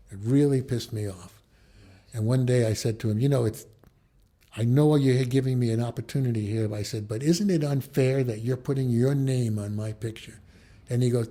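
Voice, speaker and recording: A man's voice: mid-range voice, breathy edge. Older New man spinning anecdotes. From the Bronx, New York. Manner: animated storyteller who acts out quoted dialogue. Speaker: interviewee, photojournalist. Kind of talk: anecdotal storytelling in conversation.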